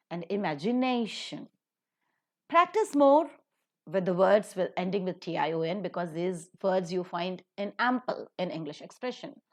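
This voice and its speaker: A woman explaining pronunciation rules in a recorded slide lecture, spelling out suffixes letter by letter and repeating example words in a clear, deliberate way. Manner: lively pitch with emphatic stresses. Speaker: English pronunciation teacher.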